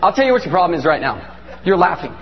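A very high-voiced man preaching with a lively, jumping melody, joking and teasing the crowd as he goes. His voice rings through a large church hall, a bit dull, with a faint audience murmur. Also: fast talker. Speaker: pastor. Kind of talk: comic sermon.

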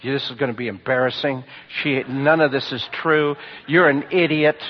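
Husky preacher telling testimony stories. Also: male voice, medium pitch, normal speed. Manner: storytelling, animated with sudden loud bursts and hushed drops. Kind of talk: sermon testimony. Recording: dull lo-fi sermon recording.

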